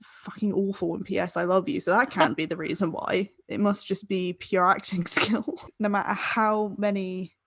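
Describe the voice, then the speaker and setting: This is a woman talking into a desk mic, loose and a little tipsy, chatting in long rambling runs, laughing as she goes and swearing now and then. Her voice sits at a middle pitch and sounds dry and close, with no room in it. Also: fairly even intonation, moderate pace, hardly any pauses, dry recording. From Ireland. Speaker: podcast co-host. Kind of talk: casual tipsy chat. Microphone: desk microphone.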